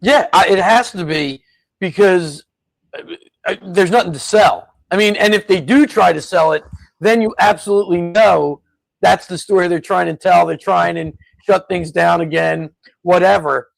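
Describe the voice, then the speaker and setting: A man's voice: high voice, moderate pace, creaky, dry recording, rough recording. A man co-hosting a casual political chat from his home garage, blunt, dismissive and matter-of-fact. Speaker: co-host.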